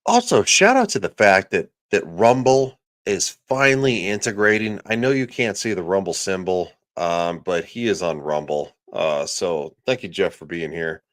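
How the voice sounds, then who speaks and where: A man with a lowish voice rants through a livestream in a sarcastic, crude manner. He breaks off to read viewers' chat comments aloud. The recording is dry and close, with no room sound. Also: lively intonation, normal speed, hardly any pauses, no room sound. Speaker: livestream host.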